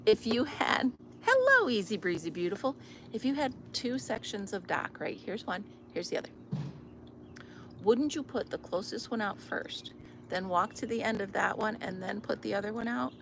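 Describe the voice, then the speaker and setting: An amused vlogger talks casually into her phone at the edge of a river, often going almost to a whisper. She has a gravelly, medium-pitched voice at a normal speed. The outdoor recording picks up heavy noise from the flowing water.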